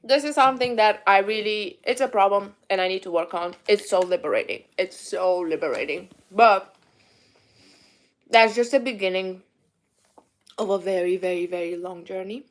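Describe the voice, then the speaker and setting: A woman's voice: mid-range voice, normal speed, pauses often. A young woman from Romania with a mixed Romanian accent, chatting candidly to viewers in a rambling way with many fillers. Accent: Romanian, mixed with British and Irish. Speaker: vlogger. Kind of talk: casual eat-with-me chat answering viewers.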